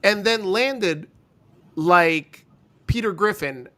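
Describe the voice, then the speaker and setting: A young man with a fairly high voice co-hosts in loose, joking podcast banter. He teases his partner and keeps the talk animated. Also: slow pace. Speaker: wrestling review co-host.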